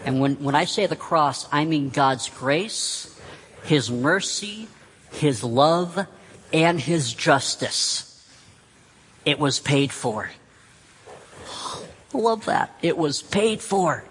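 Slow, earnest male preacher. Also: mid-range voice, a bit bright, in a large hall, slight background noise, poor audio. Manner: earnest, emphatic repetition. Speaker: pastor. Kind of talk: sermon.

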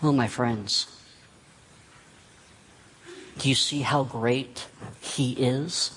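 A male pastor delivers a sermon in an earnest, emphatic way, leaning on repeated phrases. He speaks at an unhurried, deliberate pace and mid pitch. The sound carries a long hall reverb with faint room ambience underneath. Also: steady tone, fairly bright tone, a little hiss or hum.

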